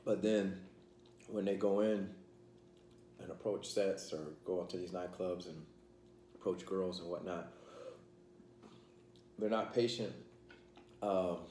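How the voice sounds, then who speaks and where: A man's voice: sits low, mellow. A man hosting a casual vlog, rambling with many fillers while he eats his meal. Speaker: channel host. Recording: echoey room, faint background noise.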